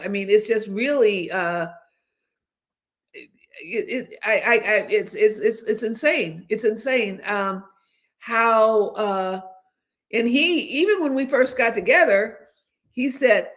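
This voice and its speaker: A woman's voice: medium pitch, lively intonation, measured pace. A woman in her seventies, hosting a casual livestream chat, rambling along with many restarts and hesitations. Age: 70s. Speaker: host.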